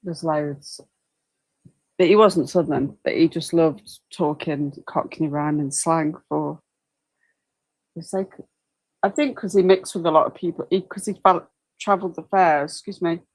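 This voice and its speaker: On a roughly recorded livestream about a trial, a woman chats in a casual, rambling way, with apologetic asides. Her voice is low-pitched and darkish, with a steady tone and an unhurried pace.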